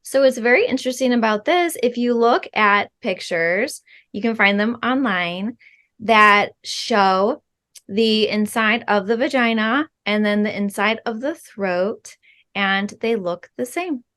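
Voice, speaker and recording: A middle-aged woman guest talks as a spiritual healing guide, her voice a little on the high side. She speaks slowly and earnestly, pausing often. Her sentences are measured and sprinkled with soft fillers. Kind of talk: interview answer, spiritual teaching.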